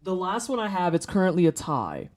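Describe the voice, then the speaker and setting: Swearing joking streamer chatting with viewers while playing, middle pitch. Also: huge pitch swings, fairly quick, a little mellow. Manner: profane, joking, talks to chat. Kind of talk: casual livestream chat while gaming.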